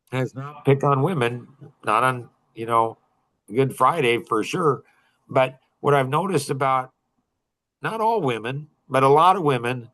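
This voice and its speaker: A middle-aged man talks loosely on a podcast, circling back on himself with fillers and restarts and laughing often. His voice has a bright, forward edge at an ordinary middle pitch. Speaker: podcast guest. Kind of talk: casual chat.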